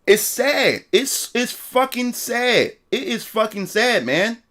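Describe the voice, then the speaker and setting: Man, streamer, high pitched voice, lively, cursing, repeats himself. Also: slow pace. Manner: profane, repetitive storytelling. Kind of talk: casual livestream rant.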